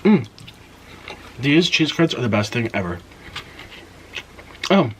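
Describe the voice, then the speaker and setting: A man hosting an eating video, retelling an annoying drive-thru visit in an indignant, animated way between bites. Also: medium pitch, slow, slight background noise. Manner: animated, indignant retelling with mouth-full murmurs. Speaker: mukbang host. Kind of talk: storytelling while eating on camera.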